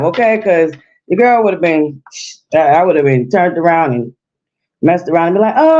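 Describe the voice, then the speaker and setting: A woman's voice: medium pitch, a little mellow, a little hiss or hum. Chatty woman hosting a livestream. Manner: chatty, repeatedly addresses viewers directly. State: slightly out of breath. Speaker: livestream host. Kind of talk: casual livestream chat. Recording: dull lo-fi audio.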